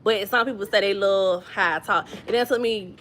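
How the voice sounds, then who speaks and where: A woman's voice: medium pitch, moderate pace, a bit bright, a little hiss or hum. A woman from New Jersey chatting casually with viewers on a livestream, telling stories and greeting people by name. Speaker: vlogger hosting a livestream.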